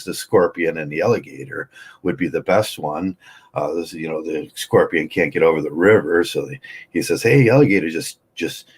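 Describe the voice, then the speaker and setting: Husky deep-voiced man in his sixties. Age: 60s. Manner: rambling, argumentative, halting with many fillers. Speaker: vlogger. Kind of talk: casual unscripted monologue.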